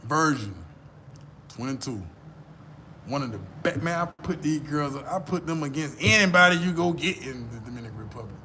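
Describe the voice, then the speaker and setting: An American man vlogging, telling a boastful, profane story in a casual, animated way. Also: a little high, moderate pace, slight background noise.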